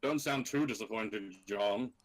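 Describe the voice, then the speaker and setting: A man's voice: lowish voice, unhurried. A man teasing the host in sarcastic, sweary banter during a game stream. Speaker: player. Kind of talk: casual stream chat.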